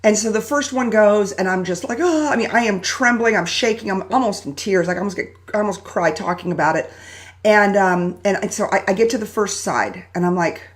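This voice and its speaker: A woman hosting a live motivational talk, telling a personal story in a chatty, animated way and greeting viewers by name. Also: mid-range voice, brisk. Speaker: host.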